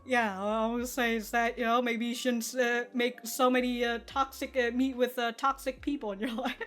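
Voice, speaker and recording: A woman's voice: fairly high pitch, level tone, moderate pace, faint music behind. A woman hosting an anime reaction video, rambling in casual commentary, laughing often and swearing freely. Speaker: anime reaction channel host.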